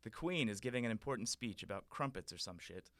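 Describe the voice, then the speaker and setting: Comedy writer reading stage directions, bright voice, dry delivery. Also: male voice, fairly low pitch, expressive, quick pace, no room sound. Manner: dry narration, chuckling often. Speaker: comedy podcast guest writer. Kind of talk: reading a comedy script aloud.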